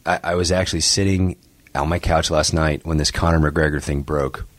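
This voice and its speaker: A married man co-hosting a talk show, chatting casually and telling rambling, excited stories. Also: extremely low pitch, normal speed, no room sound. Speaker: co-host. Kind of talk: casual chat.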